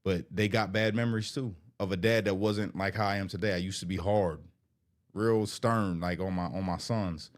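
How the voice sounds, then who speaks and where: Guy in his 30s, candid to camera, a bit low pitched, sincere. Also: steady tone, normal speed. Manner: earnest, heartfelt, repeats himself. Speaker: vlogger.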